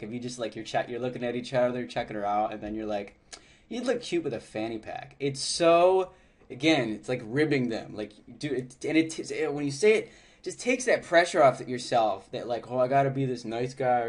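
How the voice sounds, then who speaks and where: Brief: male dating coach, casual instructional chat, mid-range voice, laughs a lot, rambling fillers. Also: mid-range voice. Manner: chatty and loose, often laughing, heavy with "like" and "you know".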